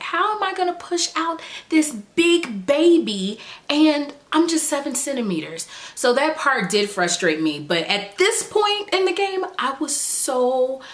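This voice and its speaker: Chatty young woman telling a story. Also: lowish voice. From Chicago. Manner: chatty, animated retelling with quoted dialogue. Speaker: vlogger. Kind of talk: personal storytime vlog.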